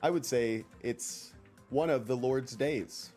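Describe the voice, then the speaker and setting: A man's voice: medium pitch, slow, darkish tone. A young man streaming a game, chatting casually with his viewers, joking around and reading out chat messages in silly voices. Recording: faint music behind.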